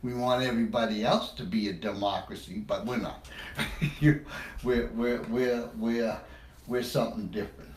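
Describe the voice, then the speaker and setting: A man's voice: mid-range voice, fairly even intonation, normal speed, reverberant, slight background noise. A man from the United States giving a loose, rambling talk, repeating words and laughing at himself as he goes. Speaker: speaker on language. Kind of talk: informal monologue.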